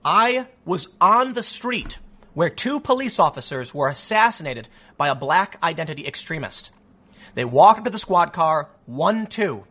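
A man's voice: fairly high pitch, big pitch swings, measured pace, pushed and bright. A man hosting a sarcastic opinion monologue, rambling with frequent restarts. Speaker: commentary host.

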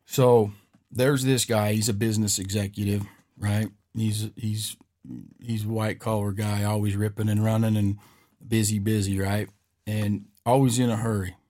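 A man's voice: fairly low pitch, level tone, moderate pace, dark tone. A man hosting a podcast, telling a story in a rambling, casual way and often checking in with "right?". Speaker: podcast host.

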